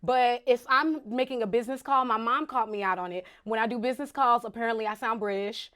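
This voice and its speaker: Animated Southern-tinged woman guest. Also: on the high side, fast talker. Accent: shifting Southern US. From Virginia, US. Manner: animated storytelling with voiced quotes and laughter. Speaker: actress guest. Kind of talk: casual interview chat.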